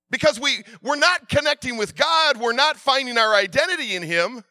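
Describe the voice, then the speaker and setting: A middle-aged man preaching a sermon, telling stories with many restarts and swinging from loud urging to quiet asides. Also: extremely high pitch, animated, moderate pace, hardly any pauses, no room sound, clean studio sound. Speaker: pastor.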